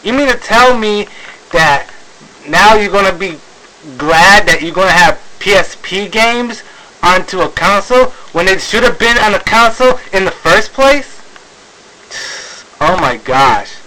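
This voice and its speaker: A man's voice: high-pitched, moderate pace, pushed and bright, a little hiss or hum, rough recording. A man ranting in a video commentary, exasperated, sighing, with many fillers and restarts. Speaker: video blogger.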